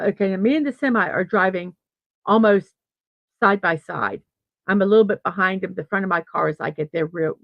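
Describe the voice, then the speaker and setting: A woman's voice: medium pitch, no echo. Middle-aged lady rambling thru a story on her morning stream, lots of restarts, kinda muffled dry mic. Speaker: host of a daily morning livestream. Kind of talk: casual storytelling and chat reading viewer comments.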